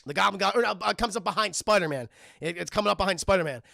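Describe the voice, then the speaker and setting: A young man giving a casual, excitable and profane film review on a live stream, acting out the scenes. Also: high voice, fast, creaky, no echo, studio quality.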